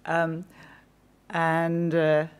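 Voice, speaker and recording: A woman, giving formal testimony at a public inquiry and recounting a conversation in a measured, precise way with dry asides, on a desk microphone. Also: sits low, monotone, clear, resonant tone. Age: 50s. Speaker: witness giving evidence. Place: hearing room of a public inquiry.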